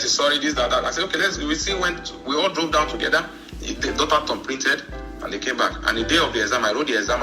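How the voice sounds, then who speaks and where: A man's voice: mid-range voice, poor audio. A man with a Nigerian accent telling a personal story, rambling and often repeating words. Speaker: church member telling his story.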